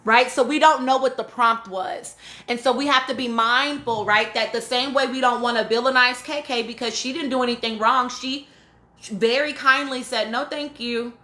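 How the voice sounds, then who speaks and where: A woman's voice: on the high side, steady tone, moderate pace, pushed and bright, echoey room. A woman hosting a live stream, talking casually and emphatically and often checking in with "right?" as she reads and answers chat comments. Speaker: podcast host reading live chat.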